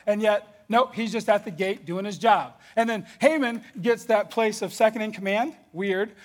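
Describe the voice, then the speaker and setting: Casual Bible teacher, male, high husky voice, slangy and lively delivery. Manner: animated, conversational, slangy.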